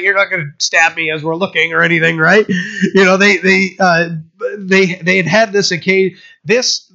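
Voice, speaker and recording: A male pastor teaches a sermon in a loose, conversational way, putting scripture scenes into everyday words. His voice sits a little high and sounds bright and forceful, with a gravelly edge. The recording is somewhat muffled and lo-fi. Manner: informal, retells scripture scenes in everyday speech.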